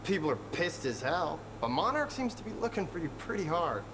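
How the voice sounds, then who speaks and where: A laid-back helpful hacker friend. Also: male voice, fairly high pitch, sing-song, a little fast. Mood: eager. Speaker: video game character, ally. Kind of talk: game dialogue. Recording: noisy game audio.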